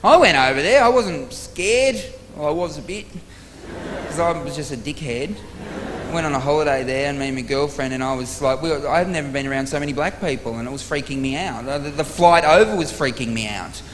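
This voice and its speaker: A high-pitched Australian man doing stand-up, rattling through profane, exasperated stories and jumping to sudden shouts. He sounds live on a theatre stage, with a long hall echo and clear audience noise all around him. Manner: rapid, profane, exasperated storytelling with sudden loud outbursts. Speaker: stand-up comedian. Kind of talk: stand-up comedy routine.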